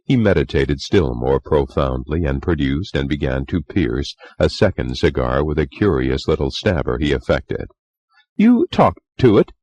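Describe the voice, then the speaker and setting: Very deep-voiced male audiobook narrator. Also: a little mellow, dry recording. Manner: measured storytelling.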